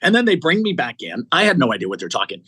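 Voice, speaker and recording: With huge pitch swings and a fast, slightly rough delivery, a man in his sixties, an executive recruiter, tells stories as an interview guest. His voice is a little high, bright and forceful, and his eager sentences tumble with many restarts. The sound is dry from a close mic, with no echo.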